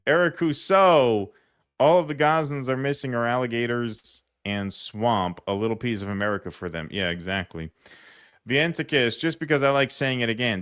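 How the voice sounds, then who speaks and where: A man's voice: lowish voice, moderate pace, a bit bright, smooth, no room sound. A man co-hosting a casual livestream, reading viewer comments aloud in a dry, sardonic way.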